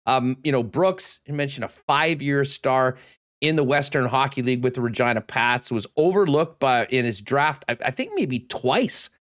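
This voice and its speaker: A man hosting a sports talk show, energetic and loose, saying he is losing his voice. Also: medium pitch, normal speed. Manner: energetic, loose, with many fillers. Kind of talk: casual radio sports talk.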